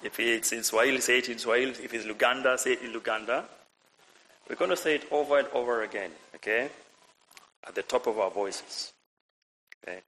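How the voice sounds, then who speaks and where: A man preaching a lively sermon, asking the congregation questions and repeating his phrases. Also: medium pitch, a little fast, long pauses, slight background noise, rough recording. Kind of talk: lively sermon with audience participation.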